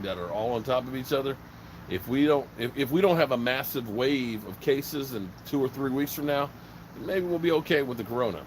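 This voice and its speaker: A man's voice: mid-range voice, a little hiss or hum, low-quality recording. Blunt rambling man on a live stream. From Virginia. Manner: rambling, blunt, swears freely. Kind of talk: casual live-stream chat. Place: outdoors by a smoker fire.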